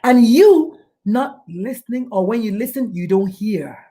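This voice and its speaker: A middle-aged woman with a fairly high voice speaks as a guest in a talk show interview. Her delivery is emphatic and preachy, and she swings her pitch widely as she acts out the people she quotes. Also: animated, a little slow, dark tone. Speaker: guest, doctor and suicide prevention speaker.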